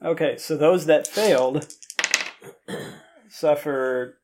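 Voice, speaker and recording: A man running a tabletop game as game master, easygoing and halting while he works through the rules and describes the scene. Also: on the high side, darkish tone. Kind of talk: casual game narration.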